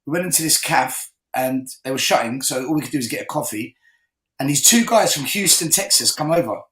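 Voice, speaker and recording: A man hosting a fan call-in show, telling a lively, swearing story in casual chat. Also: medium pitch, fairly quick, echoey room, poor audio.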